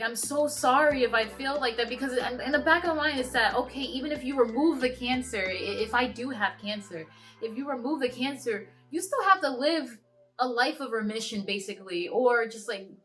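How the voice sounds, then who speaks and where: A woman in her twenties with a bright, slightly high voice tells a personal story to camera. She speaks in a halting, earnest way, with many restarts. Soft music plays faintly behind her. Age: 20s. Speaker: vlogger.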